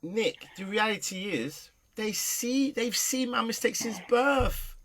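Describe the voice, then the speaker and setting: Bright, passionate middle-aged man. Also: sits high, takes it slowly. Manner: passionate, animated, swings between loud and soft. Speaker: podcast guest. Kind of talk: emotional personal storytelling.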